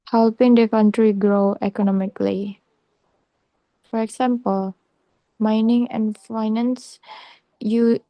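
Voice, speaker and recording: A woman giving a hesitant class presentation, often pausing with fillers as she reads from her notes. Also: mid-range voice, dark tone, no echo, rough recording. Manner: hesitant, many fillers and restarts, reading notes. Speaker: student presenter.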